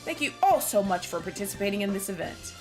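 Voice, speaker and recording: A woman's voice: mid-range voice, sing-song, quick pace, music in the background, lightly acted. A woman voicing an eager young female parade host in a game, announcing in a formal way.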